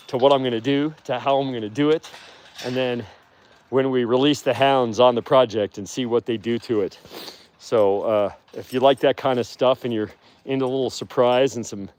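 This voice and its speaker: A man's voice: medium pitch, darkish tone, a little hiss or hum. A man hosting a casual livestream outdoors by wolf enclosures, talking in a rambling, chatty way with easy laughs, recorded on a handheld phone. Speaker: wolf sanctuary host.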